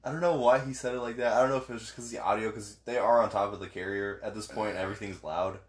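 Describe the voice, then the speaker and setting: Man, relaxed co-host on a movie talk, echoey room. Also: on the low side, racing. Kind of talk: casual movie discussion. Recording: roomy echo.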